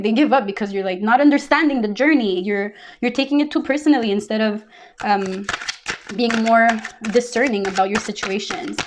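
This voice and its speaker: Slight background noise sits behind this fairly high-pitched woman as she does a laid-back tarot reading. Her delivery is blunt, packed with fillers, and laced with swearing.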